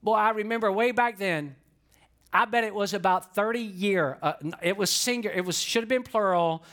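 A man's voice: sits high, normal speed, a bit bright. A man preaching a sermon in a conversational, explanatory way, putting questions to the congregation. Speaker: pastor.

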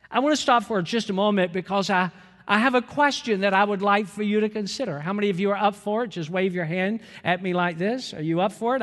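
A man's voice: sits high, fairly bright tone. Guy preaching a sermon, chatty storyteller, big hall reverb. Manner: conversational storytelling, addresses the congregation directly. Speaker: pastor.

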